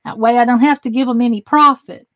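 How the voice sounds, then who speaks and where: A woman's voice: on the high side, fairly even intonation, fast talker, a bit bright, dry recording. A woman from the American South with a Southern accent, chatting folksily on her crafting live stream and reading comments aloud. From Southern United States. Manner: folksy, chatty, self-deprecating. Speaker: crafting livestream host.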